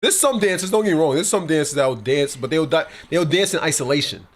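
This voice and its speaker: A man's voice: a little high, expressive, fast talker, slight background noise. A man in casual podcast chat, talking in long rambling runs and often adding "you know what I mean".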